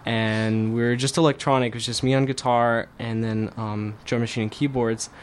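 A young man who plays guitar and writes songs for a band chats casually in a radio studio, rambling with lots of fillers and restarts. His voice is medium-pitched with little pitch movement and a moderate pace. A little hiss or hum sits in the background.

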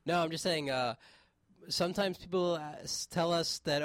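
A man's voice: a little high, moderate pace, dry recording, clean studio sound. Joking male radio host. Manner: joking, laughs often, stumbles over words. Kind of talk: casual banter on air.

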